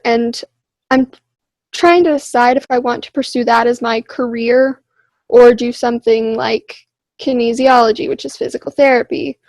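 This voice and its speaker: A woman's voice: a little high, a little mellow, no room sound. A teenage girl and young actor chatting casually in an interview, bubbly and filler-heavy.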